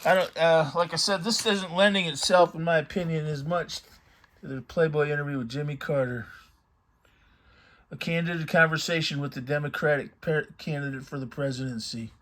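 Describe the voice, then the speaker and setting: A man's voice: a little high, fairly even intonation, moderate pace, a bit bright. A middle-aged man hosting his own channel, chatting casually and reminiscing as he pages through an old magazine, rambling and thinking aloud. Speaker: vintage magazine collector channel host. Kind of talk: casual commentary while reading a magazine aloud.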